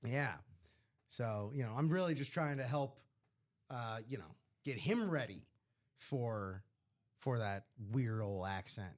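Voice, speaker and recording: A man hosting a live sports memorabilia break stream, chatting casually with slangy, animated asides. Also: medium pitch, slow pace.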